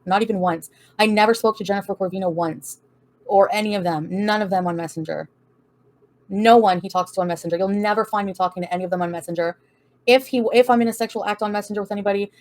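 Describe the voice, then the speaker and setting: Speaking at medium pitch with a slightly mellow tone, a woman runs a casual livestream and responds to viewers' comments as she reads them. Her answers are profane, blunt and defiant, punctuated by frequent laughter.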